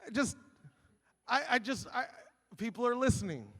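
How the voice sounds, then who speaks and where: A man's voice: extremely high pitch, lively intonation, normal speed, sharp tone, big-room sound. A male pastor preaching a sermon, telling stories animatedly and acting out his own grumbling.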